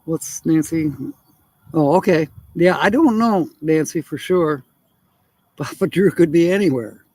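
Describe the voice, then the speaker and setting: Slow, rambling man chatting on a livestream. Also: a little high, warm tone, no room sound. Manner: rambling, chuckling often, thinking aloud. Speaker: RV livestream host. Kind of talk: casual livestream chat reading viewer comments.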